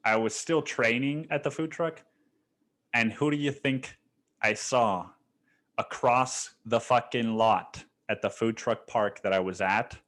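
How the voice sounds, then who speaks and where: A man's voice: mid-range voice, unhurried, a bit bright. Rambling, profane man podcasting solo. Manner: rambling and profane, says "dude" constantly; loose, laid-back storytelling with restarts. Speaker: podcast host. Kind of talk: casual solo podcast monologue.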